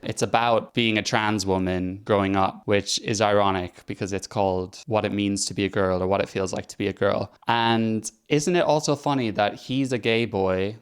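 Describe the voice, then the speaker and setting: A man's voice: on the low side, smooth. A man hosting a commentary vlog, talking in a sarcastic, chatty and mocking way. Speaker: host.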